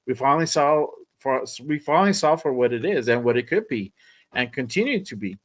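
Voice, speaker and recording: This podcast host has a medium-pitched, animated voice and talks fairly quickly. He runs a sports podcast in a loose, rambling style, swearing and repeating himself in casual chat.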